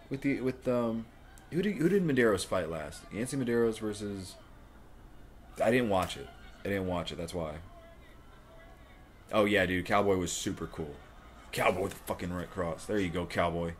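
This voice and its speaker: Deep-voiced, excitable, profane young man. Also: moderate pace, long pauses, slight background noise. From Florida, USA. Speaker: livestream host. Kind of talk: live fight watch-along commentary.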